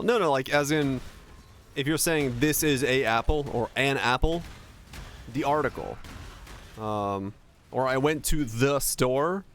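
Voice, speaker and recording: Swearing liberally and laughing often, a young man from Finland whose first language is Finnish spins animated stories for his stream viewers. There's slight background noise behind his mid-range voice.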